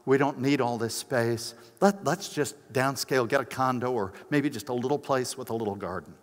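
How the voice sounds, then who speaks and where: An older man preaching at a conference in an easy, conversational way, slipping into other voices for the people he quotes. His voice sits at a middle pitch. It rings out with the long reverb of a big hall. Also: moderate pace. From United States. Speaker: pastor. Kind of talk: conference sermon with personal stories.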